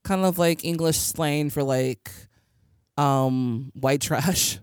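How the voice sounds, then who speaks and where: A woman's voice: low-pitched, slow, darkish tone, clear, resonant tone, no room sound, studio quality. A woman co-hosting a podcast, recapping a film in a loose, rambling way full of fillers, a little tipsy. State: tipsy from drinking. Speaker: podcast co-host. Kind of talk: casual chat.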